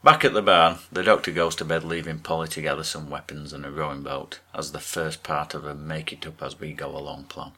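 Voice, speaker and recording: A man co-hosting a podcast, recapping a TV episode with wry, deadpan asides. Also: a bass voice, a little fast, few pauses. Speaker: podcast co-host.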